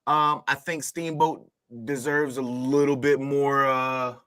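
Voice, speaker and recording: A man co-hosting a wrestling podcast in casual chat, chiming in with quick, playful banter. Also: medium pitch, flat delivery, a bit bright, clean tone, dry recording. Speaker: podcast co-host.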